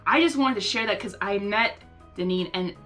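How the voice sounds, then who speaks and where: A young woman telling a personal story to her viewers in an excitable, gushing way, full of fillers and restarts. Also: medium pitch, moderate pace, faint music behind. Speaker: vlogger. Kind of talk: casual storytelling.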